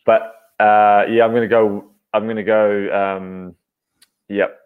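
A man's voice: on the low side, little pitch movement, slow pace, clean tone, phone-quality sound. A man co-hosting a podcast, joking and chatting loosely in fits and starts. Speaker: podcast co-host. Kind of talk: casual banter.

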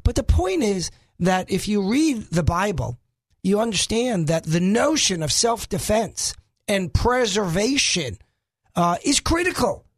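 A man from New York sits in as a talk radio host, his voice pitched high for a man. He jokes at his own expense and wanders off into asides while chatting in the studio. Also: big pitch swings, a little slow. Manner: joking, self-mocking, rambling asides.

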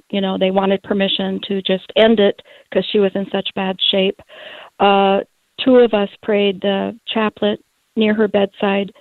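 A woman's voice: mid-range voice, dry recording. Matter-of-fact woman caller on a phone line. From Minnesota. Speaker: radio caller. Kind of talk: telling a personal story on a call-in show.

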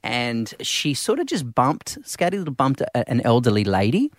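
A man with an Australian accent co-hosting a breakfast radio show, telling stories in an animated, emphatic way. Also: medium pitch, moderate pace, dry recording, clean studio sound. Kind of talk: casual radio banter. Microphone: studio microphone.

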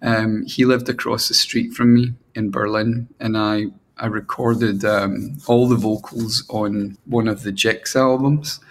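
A man's voice: on the low side, little pitch movement. A middle-aged man, a band frontman and songwriter, talks candidly in a casual interview. He often restarts his sentences and mocks himself by acting out his inner critic. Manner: self-mocking, halting with many restarts, mimics his own inner voices.

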